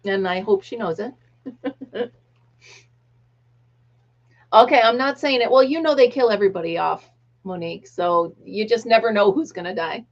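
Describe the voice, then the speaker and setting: A woman's voice: medium pitch, normal speed, long pauses. A middle-aged American woman hosting a casual live chat, reading viewer comments aloud and laughing often. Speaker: livestream host. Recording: dull lo-fi livestream audio.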